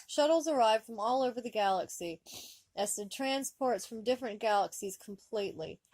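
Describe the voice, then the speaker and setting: A woman reading fan fiction aloud, with expressive comic narration. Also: on the high side, normal speed, no echo. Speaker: story reader.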